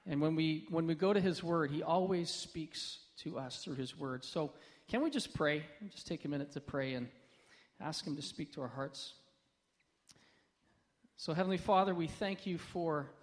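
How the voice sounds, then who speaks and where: A man pastor talking to his congregation in a relaxed, conversational way with fillers before leading a prayer. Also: fairly high pitch, in a large hall. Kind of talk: sermon introduction and prayer. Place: church.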